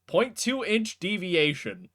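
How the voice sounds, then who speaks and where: A small magical rock that talks, as a man puts it on for a tabletop game. It speaks in flat, literal statements, in a voice set a touch high and slow. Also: heavily acted. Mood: matter-of-fact.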